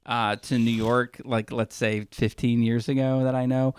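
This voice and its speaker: A man's voice: mid-range voice, flat delivery, measured pace, clear, resonant tone. A man co-hosting a podcast in casual chat, rambling through long asides. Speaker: podcast co-host.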